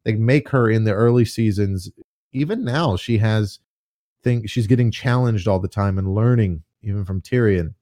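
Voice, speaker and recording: Man, low voice, casual talk, profane, animated. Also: normal speed, dry recording, clean studio sound. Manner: animated, profane, swings into loud mocking voices. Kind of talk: casual chat.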